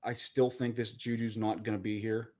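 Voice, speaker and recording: A man, co-hosting a casual sports chat in an excitable, jokey, rambling way. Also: on the low side, a little fast. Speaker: podcast co-host.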